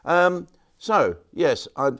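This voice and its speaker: An older man hosting a live online show, rambling jokily and swearing, with sudden swoops into high mock voices. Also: very animated, extremely slow, fairly bright tone. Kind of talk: casual comic monologue.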